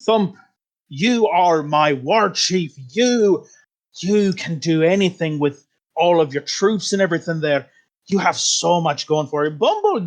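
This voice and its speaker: A game master puts on a blustering male war leader who bellows commands in a strained, high voice. He sounds loud and bossy. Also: exaggerated voice.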